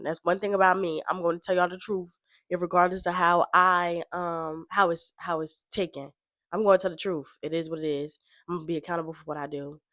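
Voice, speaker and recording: A woman's voice: lowish voice, fairly bright tone, no echo. A woman giving casual reaction commentary, rambling and frank, full of fillers. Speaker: reaction vlogger.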